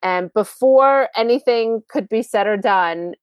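A woman podcast host tells a personal story in a chatty, conversational way, adding asides to the listener. Her voice is fairly high and a little slow, with no echo.

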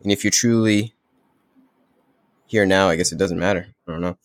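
Laid-back man with a low voice. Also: steady tone, moderate pace, dry recording, studio quality. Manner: laid-back, searching for words. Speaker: podcast guest. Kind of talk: casual spiritual conversation.

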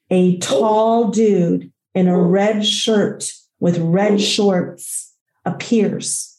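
A woman telling a story with a mellow, warm voice and loud drama. Her talk is profane, and she acts out the cries in it. Her voice rings in an echoey room. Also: mid-range voice, slow pace. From Latina. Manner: profane, dramatic retelling with shouted quotes. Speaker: podcast host.

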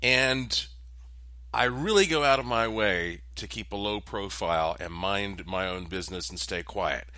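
Man, North Carolina accent, low voice, bright tone, rambling storyteller, dry sound. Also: unhurried, no echo. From Asheville, North Carolina. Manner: relaxed, rambling anecdote with asides. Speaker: vlog host. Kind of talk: casual storytelling monologue.

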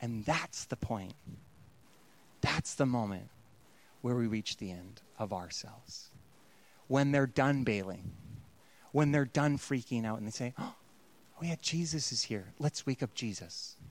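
A man's voice: mid-range voice, lively intonation, a little slow, long pauses. A man preaching a sermon in a conversational, playful way, slipping into voices to act out what people say. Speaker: pastor.

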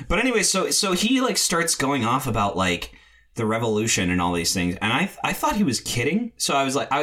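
Bright-voiced young man telling a rambling story. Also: medium pitch. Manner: rambling, stammering restarts, shouting bursts when quoting himself. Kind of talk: casual storytelling chat.

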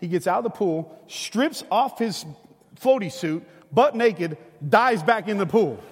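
This middle-aged pastor speaks in a husky, notably high voice, taking his time as he preaches a sermon to his flock. Now and then he shifts into animated, chatty storytelling, and the large hall gives his voice a long, ringing reverb.

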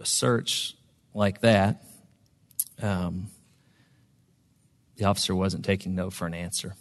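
A man's voice: lowish voice, in a large hall. A man preaching a sermon, telling a story in a conversational way with frequent ums and restarts. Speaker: pastor.

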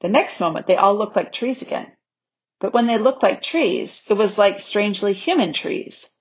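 Female audiobook reader, gentle measured narration, husky, lo-fi. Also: mid-range voice, expressive. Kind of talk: storybook narration. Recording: slightly dull lo-fi recording.

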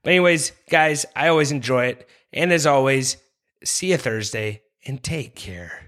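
A man's voice: mid-range voice, moderate pace, fairly bright tone. A young man hosting a fantasy football podcast, talking with passion, rambling and apologizing for going on too long. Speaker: podcast host. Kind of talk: fantasy football rankings talk.

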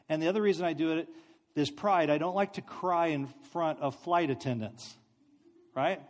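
Brief: high-pitched male preacher, animated, self-mocking storyteller, hall reverb. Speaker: speaker. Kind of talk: sermon storytelling.

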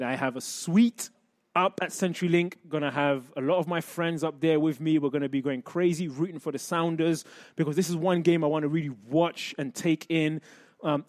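A man in his thirties hosting a sports talk show, talking upbeat and energetic to his audience. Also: fairly high pitch, no room sound, clean studio sound. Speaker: show host and former player.

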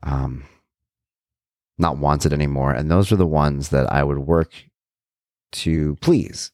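A man's voice: a bass voice, fairly even intonation, slow pace, darkish tone, no echo, studio quality. A middle-aged man speaking earnestly and confidingly to viewers in a reflective personal monologue about his life. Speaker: vlogger sharing life advice.

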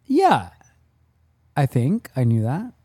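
A man co-hosting a podcast in casual chat, easygoing, agreeable and quick to laugh. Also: medium pitch, huge pitch swings, dark tone, husky. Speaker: podcast co-host.

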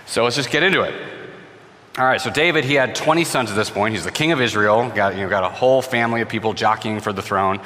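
Expressive man retelling a Bible story. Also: on the low side, fast talker. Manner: expressive, voices the characters, repeats words when restarting. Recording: long hall reverb.

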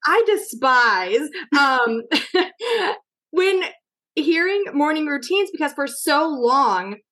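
A woman with a high voice hosting a casual podcast interview. She gushes over her guest's ideas and chats freely. Her talk is effusive and informal. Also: very animated, extremely slow, pushed and bright. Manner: gushing and effusive, chatty. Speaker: podcast host.

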